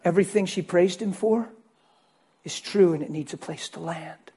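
Male pastor, fairly high husky voice, animated sermon storytelling, drops to a hush then bursts out loud. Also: normal speed. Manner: animated, swings between loud and hushed.

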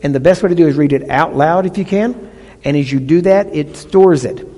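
A man's voice: fairly high pitch, brisk, warm tone. Emphatic preacher man in a reverberant hall. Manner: emphatic teaching with call-and-response checks. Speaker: pastor. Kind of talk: sermon.

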